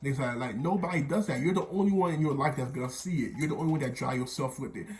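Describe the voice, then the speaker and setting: A man's voice: mid-range voice, fast, reverberant. A young man from Miami telling a rambling storytime vlog, often repeating himself and quoting others. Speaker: vlogger.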